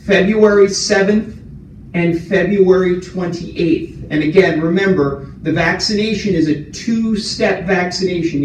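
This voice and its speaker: Reassuring man in an echoey hall. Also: high-pitched. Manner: clear, reassuring, repeats key points. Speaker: retirement community administrator. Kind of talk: town hall update. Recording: roomy, distant, faint room hum.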